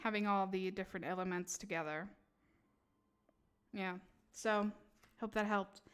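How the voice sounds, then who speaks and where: A young woman, streaming tarot readings and chatting with her viewers, laughing often and answering chat in an animated way. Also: medium pitch, a little slow, clean tone. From Sweden. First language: Swedish. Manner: giggly, animated, talks back to chat. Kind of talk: casual live-stream chat.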